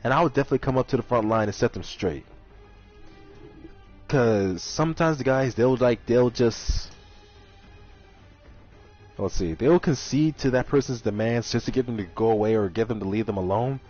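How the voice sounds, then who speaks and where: Man, mid-pitched voice, rambling and exasperated storyteller; dull lo-fi audio with faint music underneath. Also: moderate pace, darkish tone. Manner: rambling, exasperated retelling with acted-out quotes. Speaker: kitchen server at a center. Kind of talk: casual storytime monologue.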